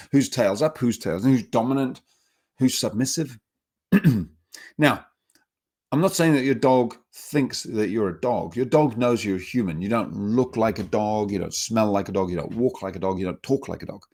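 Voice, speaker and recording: Animated man teaching about dogs. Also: mid-range voice, husky. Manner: animated storytelling, acts out dogs in quotes. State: emotional at times. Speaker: dog trainer. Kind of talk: webinar talk.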